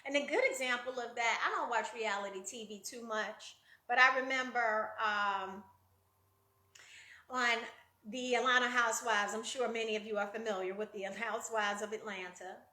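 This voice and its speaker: A woman's voice: fairly high pitch, steady tone, normal speed, sharp tone, roomy sound. A woman life coach giving a conversational motivational talk, addressing listeners directly and acting out quoted voices with big jumps.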